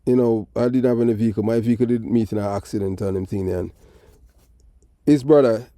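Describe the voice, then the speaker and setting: Middle-aged jamaican guy on a call-in show, lowish voice, dry close sound, rambles on politics mixing patois. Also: steady tone, quick pace, mellow, dry recording. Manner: emphatic, rambling, switches between patois and standard English. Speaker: host of a call-in talk show. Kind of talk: political commentary.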